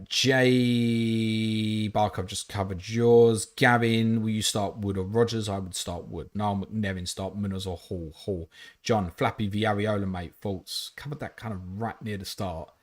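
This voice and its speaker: A man hosting a live fantasy football stream, reading out chat questions and answering them bluntly, with casual swearing. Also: fairly low pitch. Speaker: fantasy football livestream host.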